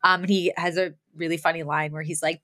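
A young woman hosting a podcast who chats casually while recapping a sitcom. She is animated and full of fillers. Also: low voice, a little fast.

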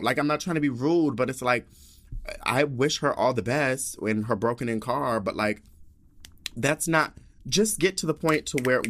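A man's voice: mid-range voice, normal speed, a bit bright, slight background noise. A man hosting a podcast, telling a story in a sassy, dramatic rant full of swearing and asides. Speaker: podcast host.

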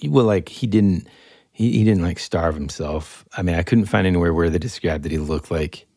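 Deep-voiced guy rambling and joking on a podcast, dead dry mic. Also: normal speed, dry recording. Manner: animated, rambling, jokey. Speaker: podcast co-host. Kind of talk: casual true-crime chat.

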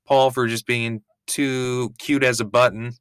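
A man's voice: medium pitch, little pitch movement, a little slow, a bit bright, clear, resonant tone, dry recording, studio quality. A man hosting a podcast, chatting casually and wryly with offhand swearing during a watch-along. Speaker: podcast host.

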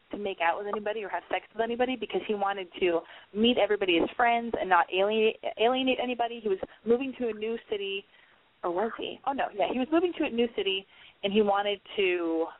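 A woman's voice: medium pitch, fast talker, no echo. Young woman radio host giving blunt sweary advice, rambly, tinny phone sound, dry. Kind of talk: casual call-in advice show. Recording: phone-line quality, dry.

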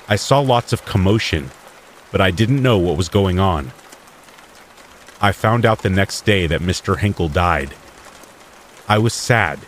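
Low-ish guy voice reading scary stories, calm and even, soft rain going in the back. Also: slight background noise. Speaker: podcast storyteller. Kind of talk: scripted horror story narration. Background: steady rain.

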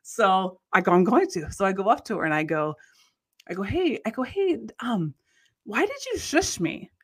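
A woman casually telling a long anecdote in conversation. She rambles with restarts and acts out the people in her story with big jumps in pitch. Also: big pitch swings, moderate pace. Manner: rambling, many restarts and fillers.

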